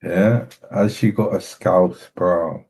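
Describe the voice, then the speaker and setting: Deep, dark, slow sarcastic man. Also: fairly even intonation, rough recording. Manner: sarcastic, blunt, drawling. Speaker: host reacting to clips. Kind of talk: mocking commentary.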